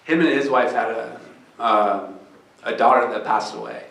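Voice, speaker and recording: Man, startup founder, earnest storyteller, live event talk, mid-pitched, echoey room. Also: normal speed, gravelly, a bit bright. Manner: earnest and storytelling, gets choked up, many restarts. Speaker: startup founder speaking on stage. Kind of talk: live fireside chat. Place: event venue with an audience.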